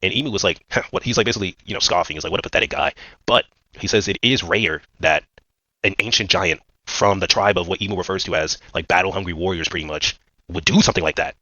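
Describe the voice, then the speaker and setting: A man's voice: sits low, quick pace, pushed and bright, dry recording, muffled recording. A man giving a casual, rambling recap of a manga chapter, full of fillers and slang. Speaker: manga commentator.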